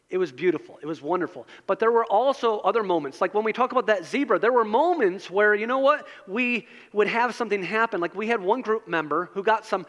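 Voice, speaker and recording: High-voiced man preaching in a reverberant hall. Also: fairly bright tone. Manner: earnest preaching with repetition. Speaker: pastor. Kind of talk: sermon. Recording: long reverb of a large hall.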